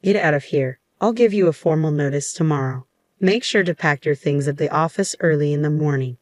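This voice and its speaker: A man's voice: on the high side, fairly quick, no room sound, clean studio sound, lightly acted. A woman reading the lines of a stern older man, a company boss who bluntly scolds his son-in-law. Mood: cold.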